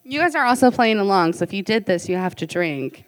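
A woman's voice: mid-range voice, animated, a little fast. A woman hosting a casual chat and card game, blunt and teasing, swearing freely. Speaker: podcast host.

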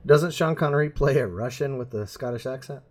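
A man's voice: mid-range voice, a little fast. A middle-aged man chatting casually as a podcast co-host, rambling and self-mocking, laughing at his own jokes. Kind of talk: casual chat.

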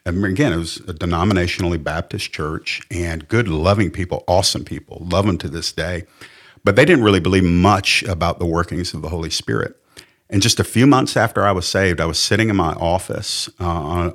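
Low-voiced Southern man sharing testimony. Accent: Southern American. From Southern United States. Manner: earnest, candid, plainspoken, acts out quotes. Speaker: pastor and podcast guest. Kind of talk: personal testimony storytelling.

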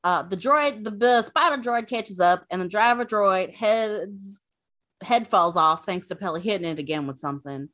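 A woman's voice: medium pitch, expressive, moderate pace, a bit bright. A woman casually recapping an episode, chatty and full of fillers. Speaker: podcast host recapping an episode.

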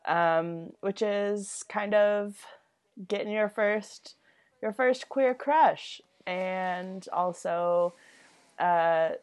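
A woman co-hosting a podcast in casual chat, sick with a lowered voice, hesitant with many ums. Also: clean tone. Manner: drawn-out, hesitant, lots of ums. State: sick, voice lower than usual. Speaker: podcast co-host.

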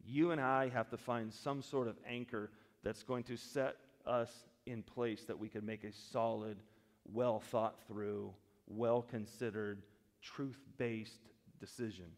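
Pastor preaching in a reverberant church. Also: male voice, medium pitch, fairly even intonation. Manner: swings between loud emphasis and quiet slow reflection; humorous asides. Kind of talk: sermon. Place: church sanctuary.

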